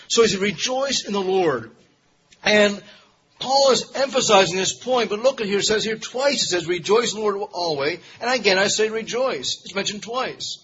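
A man's voice: sits high, a bit bright, muffled recording, slight background noise. A man preaching an evening sermon, emphatic, driving points home by repetition. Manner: emphatic, repeats key phrases.

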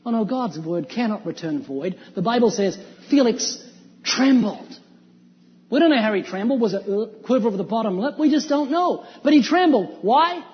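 A man with a notably high voice preaches an evangelistic sermon, pressing his points with emphatic rhetorical questions. The sound is dull and lo-fi, with a long hall reverb trailing each phrase. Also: expressive, normal speed.

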